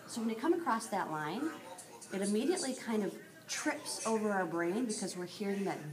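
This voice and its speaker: A woman's voice: mid-range voice, animated, a little fast, crowd noise. A woman teacher giving a recorded lesson, explaining step by step and speaking straight to her students.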